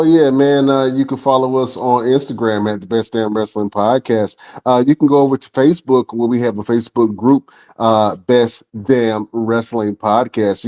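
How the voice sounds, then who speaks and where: An excitable man hosts a podcast in loose, slangy chat. His voice sits at a middle pitch, and he laughs readily between lines. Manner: enthusiastic, laughs easily, slangy. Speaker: podcast host. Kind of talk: casual interview chat.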